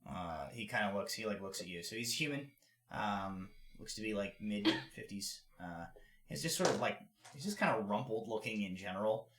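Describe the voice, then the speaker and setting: Man, game master, low pitch, loose casual narration, echoey room. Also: moderate pace, a bit bright, slight background noise. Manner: loose, filler-heavy narration.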